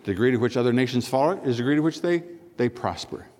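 An older American man giving a public speech, telling anecdotes, acting out dialogue and pausing for emphasis. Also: mid-range voice, expressive, a little mellow. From United States. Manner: storytelling, acts out dialogue, measured pauses for emphasis. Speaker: speaker. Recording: long hall reverb.

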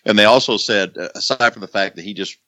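A man co-hosting a movie review podcast in casual chat, chatty with quick asides and laughs. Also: on the low side, pushed and bright, dry recording. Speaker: podcast co-host.

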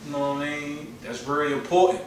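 A man's voice: a little high, quick pace, very echoey, distant mic, a little hiss or hum, rough recording. A man in casual podcast chat, slangy and rambling, often repeating himself.

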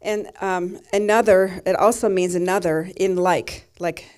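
Middle-aged lady pastor preaching, soft and emotional, kinda low voice. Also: steady tone, a little slow, smooth. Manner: tender, personal storytelling, soft and emotional. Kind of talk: sermon.

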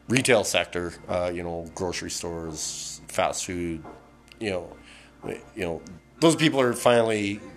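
A middle-aged man from Canada hosting a podcast, ranting casually with lots of swearing, fillers and restarts, a bit tipsy from beer. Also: low-pitched. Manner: profane, rambling, many fillers and restarts. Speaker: podcast host.

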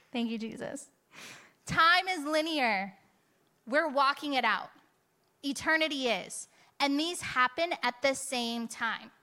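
A woman's voice: high voice, sharp tone. A woman preaching a conversational, emphatic sermon to her church, full of rhetorical asides.

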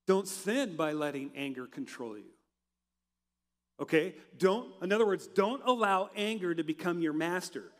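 Preaching in a church hall where his high-pitched voice leaves a long reverberant tail, this pastor poses questions to the congregation and waits for their answers. His sermon swings from loud passages to moments where his voice sinks low and quiet.

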